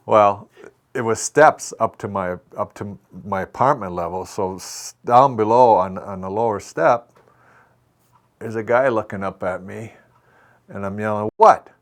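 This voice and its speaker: A man in his sixties from Minnesota with a very low, deep voice spins loose, self-mocking stories in an interview. He tells them casually and acts out bits of dialogue. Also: measured pace. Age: 60s. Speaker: former hockey player and actor, guest. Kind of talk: casual anecdotal storytelling.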